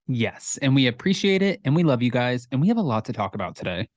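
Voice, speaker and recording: A man co-hosting a podcast in a casual chat, relaxed and candid, rambling a little as he talks. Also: mid-range voice, fast talker, no echo, clean studio sound. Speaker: podcast co-host.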